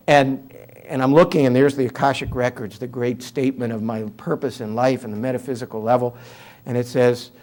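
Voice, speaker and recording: An older man with a New York accent, in his seventies, talks through an interview with an easy, anecdotal humor and plenty of fillers. His voice sits at an ordinary middle pitch. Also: steady tone, a little fast, a little mellow. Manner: humorous storyteller, conversational with fillers. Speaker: author and guest speaker.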